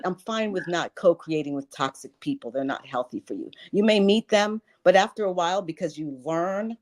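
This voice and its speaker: Low-voiced woman in her sixties, earnest. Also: a little mellow. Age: 60s. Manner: earnest, emphatic, repeats phrases for stress. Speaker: guest, life and wealth coach. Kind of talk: spiritual interview talk.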